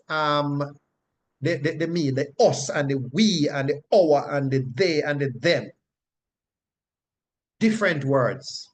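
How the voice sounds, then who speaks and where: A man leading a Bible lesson in a fairly high, very lively voice that swoops up and down as he stresses each point. He repeats himself for emphasis, checks in with his listeners again and again, and chuckles now and then as he explains. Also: slight background noise. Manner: chuckles often while explaining. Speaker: Bible teacher. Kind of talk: Bible study teaching.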